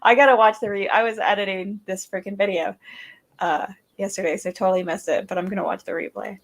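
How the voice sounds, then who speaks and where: A woman hosting a live stream, chatty and quick to giggle. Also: medium pitch, steady tone, creaky. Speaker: host. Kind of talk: casual chat on a live stream.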